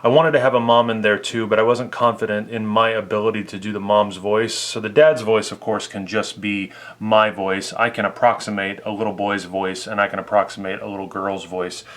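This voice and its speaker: Low-voiced man in his thirties vlogging. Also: little pitch movement, brisk, few pauses, fairly bright tone. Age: 30s. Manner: chatty, explaining his plans with restarts. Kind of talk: casual vlog.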